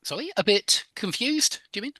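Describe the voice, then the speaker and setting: A man's voice: high voice, lively intonation, fairly quick, pushed and bright, no room sound. A man teaching an English lesson over a video call, correcting and encouraging his students and explaining word stress. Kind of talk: online live English lesson.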